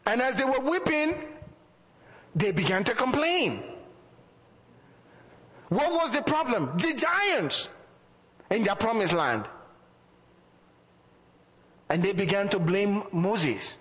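A man's voice: high-pitched, very animated, slow pace, pauses often, fairly bright tone, in a large hall, rough recording. A man preaching a sermon as pastor, asking the congregation rhetorical questions and chuckling between points.

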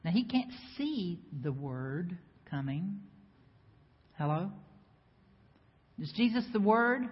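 A woman's voice: on the low side, takes it slowly, pauses often, breathy edge. Woman preaching in an echoey hall. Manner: lively, banters with the congregation, asks rhetorical questions. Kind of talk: sermon. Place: church sanctuary before a congregation. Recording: echoey hall, slightly dull sound.

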